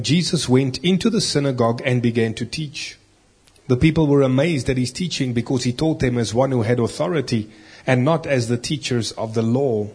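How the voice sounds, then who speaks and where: Husky preacher. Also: male voice, medium pitch, a little mellow. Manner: earnest, emphatic preaching with rhetorical questions. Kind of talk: sermon with scripture reading.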